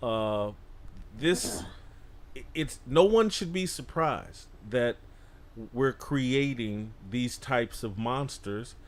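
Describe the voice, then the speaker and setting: A man's voice: medium pitch, expressive, slow pace. A man appearing as a guest on a podcast, making blunt, emphatic points in casual political talk.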